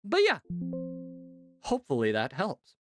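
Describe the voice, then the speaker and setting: A man streaming casually to his chat, talking in an animated, chatty way with lots of fillers and laughs. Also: on the high side, unhurried, music in the background. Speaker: streamer and voice actor.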